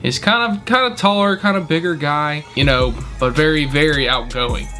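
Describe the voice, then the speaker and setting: A man's voice: fairly high pitch, moderate pace, pushed and bright, soft background music. A young man, a restaurant manager, telling a story in a blunt, indignant, casual way and swearing freely.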